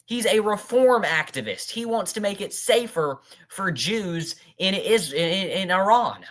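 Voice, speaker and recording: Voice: medium pitch, lively intonation, unhurried, few pauses, a bit bright. A political commentator reacting in a heated rant, scornfully talking back to a speaker as if face to face. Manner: ranting, addresses the speaker directly, scornful.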